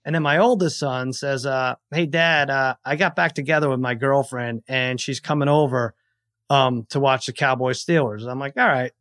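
A man in his forties telling a story in casual chat on a podcast, acting out his family's shouts. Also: medium pitch, normal speed. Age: 40s. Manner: animated storyteller who acts out family members' shouts. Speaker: podcast guest.

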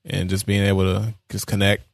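A man's voice: lowish voice, monotone, fairly quick, creaky, no echo, studio quality. A man co-hosting a casual gaming podcast, talking in a blunt, profane, joking way. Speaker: co-host.

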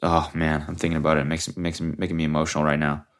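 A man's voice: very deep voice, little pitch movement, fast talker. A young man hosting a solo podcast, rambling casually with lots of swearing and restarts while sick. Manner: rambling, profane, trailing off and restarting. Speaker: podcast host.

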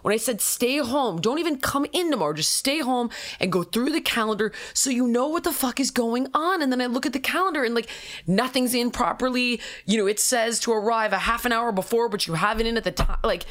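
A middle-aged woman talking casually as a podcast guest, blunt and profane, telling animated stories. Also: on the high side, fairly quick. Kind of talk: casual roundtable talk.

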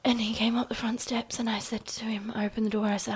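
A woman's voice: on the high side, little pitch movement, quick pace, hardly any pauses, husky. An Australian woman telling a personal story in a podcast interview, speaking conversationally and quoting dialogue as she goes. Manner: conversational, recounting events with quoted dialogue and frequent "like". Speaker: interview guest.

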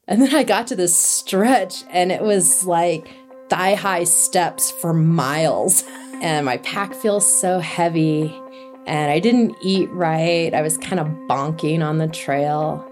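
A woman with a lowish voice recounts her own story at an unhurried pace. She is lively, laughs as she talks and acts out quoted lines. Soft music plays faintly behind her. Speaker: interviewee telling a hiking story. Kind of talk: casual storytelling.

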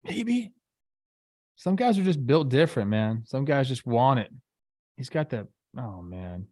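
A man's voice: medium pitch, measured pace. A man with a mid-range voice co-hosts a sports podcast, loose and enthusiastic, leaning on casual fillers. His voice is recorded close, dry and without room echo. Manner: relaxed, enthusiastic, many fillers like "like". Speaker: podcast co-host, former player.

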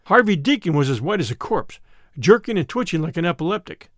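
A man narrating a classic ghost story in a vivid, expressive storytelling manner. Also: a little high, a little fast, no echo, studio quality. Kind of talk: dramatic audiobook narration.

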